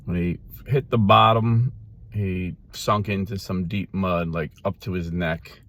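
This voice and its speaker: A man preaching by telling a parable, lively in the story and slowing down softly toward the end. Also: deep voice. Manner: lively storyteller, quick character voices, slows and softens for the ending. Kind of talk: storytelling sermon.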